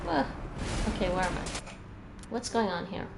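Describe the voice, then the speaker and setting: A woman's voice: mid-range voice, expressive, moderate pace, vocal fry. A woman with a Midwestern American accent chatting casually with her stream while playing a game, musing aloud and answering chat. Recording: noisy background hum.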